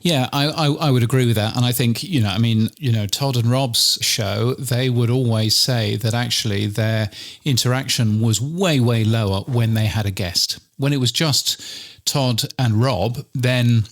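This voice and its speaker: Dry witty guy on a podcast, gravelly voice, jokey little asides. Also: mid-range voice, moderate pace. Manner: wry, playful asides. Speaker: podcast co-host. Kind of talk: casual chat.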